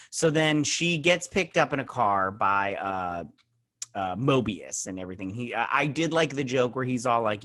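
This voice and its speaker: A young man hosts a show, giving a rambling, snarky spoken recap and review of an episode, packed with fillers and mocking quotes. His voice is mid-range and a bit bright.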